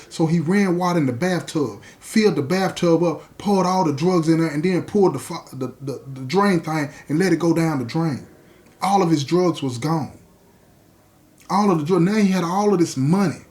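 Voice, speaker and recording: A man hosting a podcast, retelling a story in an animated, conversational way and speaking directly to his listeners. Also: on the high side. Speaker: podcast host.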